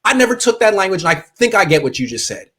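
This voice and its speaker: Man, young adult, fast talker, slightly high voice, joking, reads comments aloud, casual sports chat host. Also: sing-song, fairly bright tone. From United States. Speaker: podcast host. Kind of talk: casual live-stream chat.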